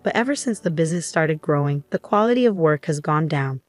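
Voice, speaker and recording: A woman voicing a calm, frank male business acquaintance in a narrated story. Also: low-pitched, a little fast, dry recording. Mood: serious. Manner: serious, then reassuring.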